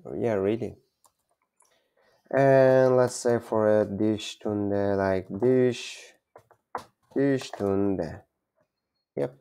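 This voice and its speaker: Low slow guy w/ a gravelly voice, keeps repeating words n fixing himself. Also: dark tone. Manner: halting, repeats words, self-correcting. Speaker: language learner teaching German basics. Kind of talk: informal self-taught lesson.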